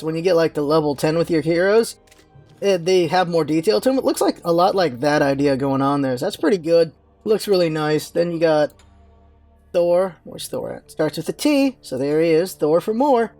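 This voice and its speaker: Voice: mid-range voice, a little mellow, no echo. Gaming host, offhand and rambling, dry close mic with faint music behind. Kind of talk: casual gameplay commentary.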